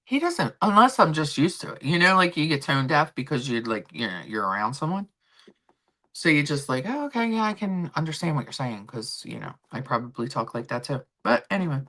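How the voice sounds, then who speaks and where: Middle-aged woman, Philly accent, host rambling in casual chat; low, bright and very lively pitch. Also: fairly quick. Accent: Philadelphia. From Philadelphia, Kensington. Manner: rambling, chatty, talks to her pets mid-stream. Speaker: vlog host.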